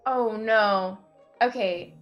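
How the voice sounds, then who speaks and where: A young woman as a guest on a casual quiz, talking in an animated way, laughing often and shrieking when she gets answers wrong. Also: mid-range voice, very slow, lo-fi sound, faint music behind. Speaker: guest musician.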